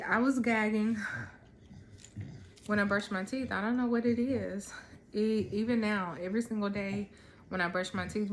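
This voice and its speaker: A woman in her thirties talking casually to camera at home, relaxed and rambling with lots of ums. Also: mid-range voice, a little hiss or hum. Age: 30s. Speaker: vlogger. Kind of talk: casual chat.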